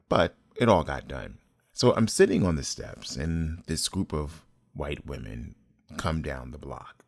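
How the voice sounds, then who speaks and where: A middle-aged man recounts a personal story, animated and profane. His voice sits extremely low. The recording is dry and close. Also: no room sound. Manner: animated, profane, dramatic retelling. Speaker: storyteller host.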